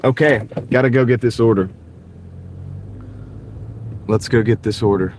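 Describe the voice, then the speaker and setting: A man's voice: mid-range voice, unhurried, a little mellow. A man chatting casually to live-stream viewers while driving for deliveries, rambling and restarting his phrases, on a clip-on mic inside his car. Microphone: wireless clip-on mic. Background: faint car noise.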